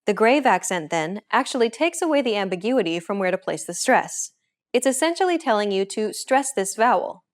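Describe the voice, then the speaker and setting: A woman hosting a language course, explaining points in clear, friendly scripted narration. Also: medium pitch, lively intonation, moderate pace.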